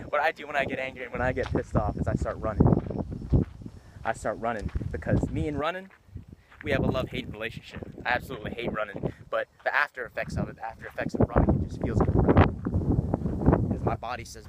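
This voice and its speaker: A man delivers a motivational monologue for his vlog, with a mid-range voice. He talks emphatically and circles back to repeat his phrases. Loud background noise from outdoors runs under his speech. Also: medium pitch, brisk. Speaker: motivational vlogger.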